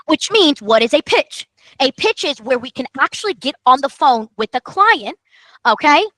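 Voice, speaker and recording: A high-pitched woman runs a sales training, her voice swooping all over as she stresses every point. Her tone is bright and energetic. The sound is close and dry. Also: normal speed, no echo, poor audio. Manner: emphatic, excitable, repeats for emphasis. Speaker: marketing coach host.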